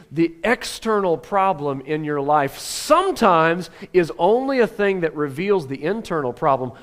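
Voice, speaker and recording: A man giving a sermon as a pastor, talking conversationally with rhetorical questions and dropping from animated to hushed. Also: on the high side.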